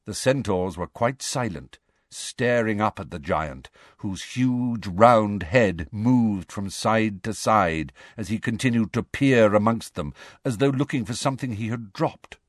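A man narrating a storybook, expressive and varied, doing character voices. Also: on the low side, a little slow, no echo, clean studio sound. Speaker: audiobook narrator.

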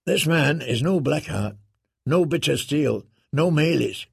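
A man voicing a stern middle-aged exiled lord commander who speaks coldly and deliberately. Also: on the high side, expressive, creaky, husky, no room sound, clean studio sound, full character voice. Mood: scornful, resolute.

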